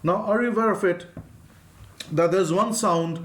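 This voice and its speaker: A man's voice: sits high, moderate pace, echoey room. A man with an Indian English accent teaching an online phonetics lesson, patiently modelling sounds for students to repeat.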